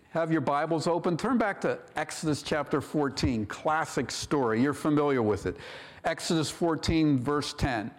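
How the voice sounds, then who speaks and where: A man preaching a sermon as pastor, raising his voice for emphasis and acting out quoted lines. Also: fairly high pitch. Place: church sanctuary. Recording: long church hall reverb.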